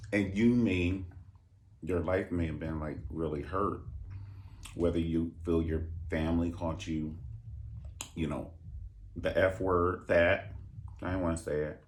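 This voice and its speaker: A man hosting a casual comedic talk show, sassy and animated, breaking into high mocking impressions. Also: a little hiss or hum. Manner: sassy, animated, calls listeners honey and baby. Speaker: host.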